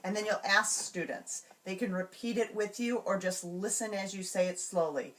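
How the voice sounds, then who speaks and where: A woman calmly explaining classroom routines step by step, slowing down to sound out example words. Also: mid-range voice, distant mic, slight background noise. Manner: clear, measured, slows to sound out example words. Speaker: teacher trainer. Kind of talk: instructional walkthrough.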